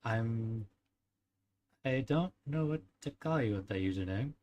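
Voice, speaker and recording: A man's voice: medium pitch, expressive, a little slow, a little mellow. A young man streaming and chatting casually with his viewers, rambling with frequent fillers, small laughs and little verbal-tic sounds. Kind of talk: casual chat with live chat.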